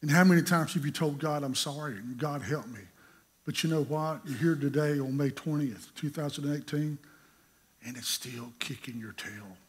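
A middle-aged man, preaching a sermon in a folksy storytelling way, acting out scenes with sudden loud bursts. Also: fairly high pitch, moderate pace, breathy edge. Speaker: pastor.

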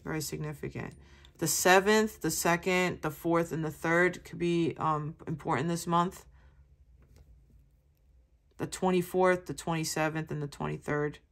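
A woman's voice: low voice, fairly even intonation, a little slow, vocal fry. A woman giving a chatty, casual tarot reading to her viewers, calling them baby and swearing offhandedly. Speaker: tarot reader.

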